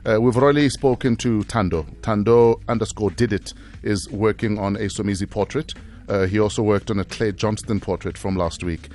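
A man hosting a breakfast radio show, measured, with easy interviewing and short listening sounds. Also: fairly low pitch, darkish tone. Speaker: radio host. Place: radio studio.

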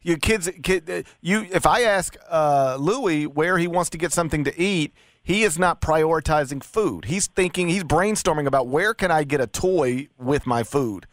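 A man's voice: fairly high pitch, moderate pace, hardly any pauses, no room sound, clean studio sound. A middle-aged man hosting a casual talk radio show, making his case with stammered restarts. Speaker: radio host.

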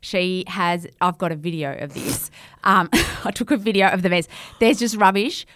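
A middle-aged Australian woman co-hosting a parenting podcast, telling stories in a lively way and laughing often. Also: fairly low pitch, normal speed, no echo, studio quality. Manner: animated storyteller, laughs often. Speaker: podcast co-host, parent educator. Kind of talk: casual chat.

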